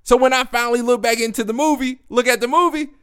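A young adult man hosting a podcast, telling a profane, slangy story in a casual, animated monologue. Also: extremely high pitch, quick pace, clean tone. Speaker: podcast host.

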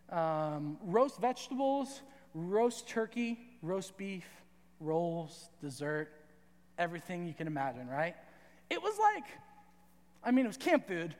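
A young man with a high voice preaches to a crowd in a large hall, and his words ring out with a long echo. He tells his story in a chatty, animated way and keeps asking the room "right?". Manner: animated, conversational, asks "right?" often. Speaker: youth pastor. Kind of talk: sermon with storytelling. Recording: reverberant hall.

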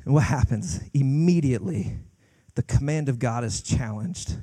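A man, a guest pastor, preaching a sermon with passion, climbing to loud peaks and dropping to hushed lines. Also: medium pitch, animated, normal speed.

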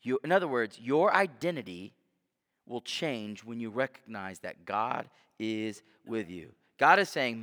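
A male pastor preaching a sermon with earnest delivery, dropping soft on key words and lifting with energy as he acts out the story. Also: unhurried, big-room sound. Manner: earnest preaching, drops low and soft on key words, rises animated when voicing Moses.

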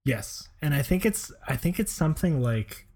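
A man co-hosting a podcast in casual chat, easygoing and quick to laugh and tease. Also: fairly high pitch, big pitch swings, darkish tone. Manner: easygoing, giggly, teasing. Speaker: podcast co-host.

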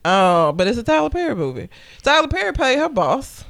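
A woman's voice: high voice, sing-song, brisk, vocal fry, fairly bright tone. A woman co-hosting a casual podcast, recapping a movie plot in a blunt, profane, joking way. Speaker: podcast co-host.

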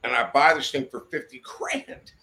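Podcast guest, male, bright edge, animated and foul-mouthed, acts out voices in his tale. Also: mid-range voice, normal speed, slight background noise. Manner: profane, animated, acts out every voice. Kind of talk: casual storytelling. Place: podcast studio.

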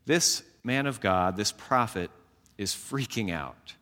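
A man giving a teaching sermon, explaining scripture in an animated way and tossing in self-aware jokes. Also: on the low side, slow pace, in a large hall. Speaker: Bible teacher.

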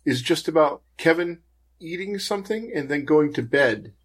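A man co-hosting a casual film podcast, talking in a measured way and making dry jokes. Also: fairly high pitch, animated, husky. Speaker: podcast co-host.

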